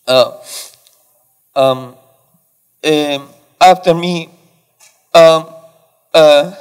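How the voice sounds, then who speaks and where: Young guy from ecuador near tears at the mic, kinda high voice, lots of hall echo. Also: clear, resonant tone. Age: 20s. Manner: halting, apologetic, pausing often. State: emotional, close to tears. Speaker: audience member asking a question. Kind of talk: emotional question from the floor. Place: large lecture hall. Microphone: audience microphone. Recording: reverberant lecture hall.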